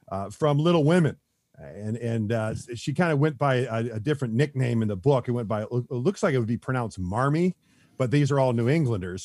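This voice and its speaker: Husky guy on a podcast, rambles with tons of ums, dry close sound. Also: medium pitch, a little mellow, dry recording. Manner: rambling, heavy on fillers and restarts, chuckles often. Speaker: podcast guest. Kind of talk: casual podcast chat.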